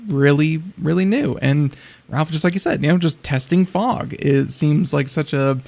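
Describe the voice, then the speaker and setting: A man's voice: a little high, normal speed, creaky, a little mellow. A man co-hosting a casual tech talk show, rambling and joking with many restarts. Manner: rambling, lots of you-knows and restarts, joking. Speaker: co-host.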